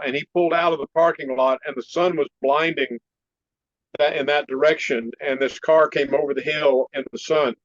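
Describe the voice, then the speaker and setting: A man's voice: medium pitch, no echo. Man telling stories over a dull line. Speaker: martial arts teacher, interview guest. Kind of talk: storytelling in an interview.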